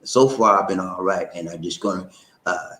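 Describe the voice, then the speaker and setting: A man hosting a casual livestream who talks loosely and animatedly, jumping up high when he gets worked up. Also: normal speed, roomy sound, rough recording. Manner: animated, swings up high when excited, says "man" and "okay?". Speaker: livestream host.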